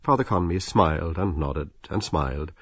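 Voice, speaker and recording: A man narrating a novel as an audiobook, expressive and slipping into the characters' inner voices. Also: low-pitched, normal speed, slightly rough, dry recording, lo-fi sound.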